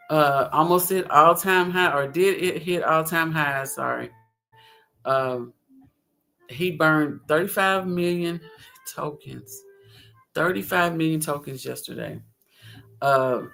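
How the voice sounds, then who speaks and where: A woman's voice: deep voice, gravelly, fairly bright tone. A woman hosting a casual crypto livestream, chatty and rambling, often giggling.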